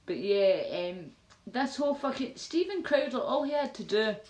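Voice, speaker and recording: A woman's voice: fairly high pitch, animated, moderate pace, darkish tone. A Scottish woman chatting casually on a livestream, swearing freely and rambling as she answers viewer comments. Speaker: livestream host. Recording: roomy echo.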